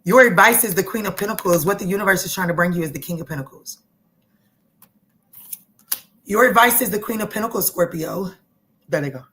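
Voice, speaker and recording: A woman hosting a live tarot reading stream, talking casually and excitably, swearing freely and repeating herself. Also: medium pitch, fairly quick, pauses often, a little hiss or hum.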